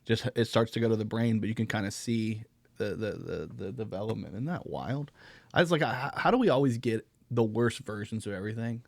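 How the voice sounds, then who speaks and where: A man's voice: lowish voice, fairly quick, gravelly, no room sound. A man in his thirties hosting a casual comedy chat, laughing often and swearing as he tells stories. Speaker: podcast host.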